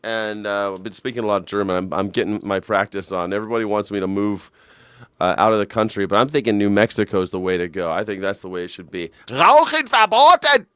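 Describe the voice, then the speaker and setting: On a live news reaction stream, a middle-aged host talks casually through a desk mic, rambling, cracking jokes, laughing a lot and now and then shouting in mock voices. His fairly low voice is fast with fairly even intonation, and the recording is smooth, studio quality, with no echo.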